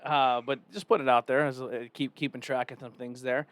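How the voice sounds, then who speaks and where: A man's voice: mid-range voice, fairly quick. A man hosting a casual podcast, chatting loosely and running through plugs and the show rundown. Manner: plugs links and steers the rundown, relaxed and chatty. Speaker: podcast host.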